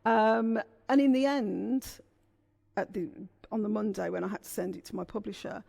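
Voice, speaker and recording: A woman's voice: mid-range voice, normal speed, vocal fry, husky. A middle-aged woman from England, an author being interviewed on a festival stage, telling family stories candidly. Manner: candid storyteller, animated. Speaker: author guest. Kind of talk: conversational interview.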